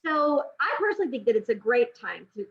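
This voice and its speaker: A woman's voice: fairly high pitch, very animated, fast talker. A woman hosting an interview, asking long rambling questions full of fillers. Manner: rambling, many fillers while framing questions. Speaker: interview host. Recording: dull lo-fi audio.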